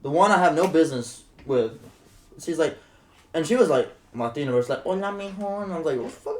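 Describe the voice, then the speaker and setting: Animated storytelling man in an echoey room. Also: a little high, quick pace, slight background noise. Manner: animated, swearing, acts out quotes. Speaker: podcast guest. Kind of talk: casual storytelling.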